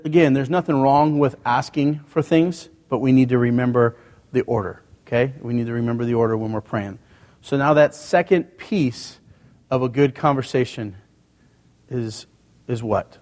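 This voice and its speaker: A man's voice: medium pitch, a little mellow. Man, pastor, conversational sermon, church hall with long echo. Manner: conversational preaching with rhetorical questions. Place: church sanctuary.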